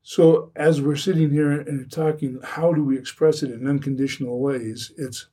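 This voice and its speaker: An earnest man talks with a mellow, slightly husky voice, circling back and restarting his sentences as he makes his point. He sits a bit back from the microphone, so the sound is a little distant. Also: a little high, steady tone, moderate pace, hardly any pauses. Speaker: addiction recovery speaker. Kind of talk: earnest podcast conversation.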